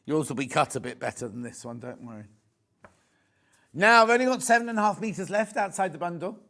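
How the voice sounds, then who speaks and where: Chatty Yorkshire man, slightly high voice. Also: expressive, fairly quick, creaky, bright, forceful tone. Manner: gushing, chatty, rambling. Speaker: shopping channel presenter. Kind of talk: live sales chat. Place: TV studio.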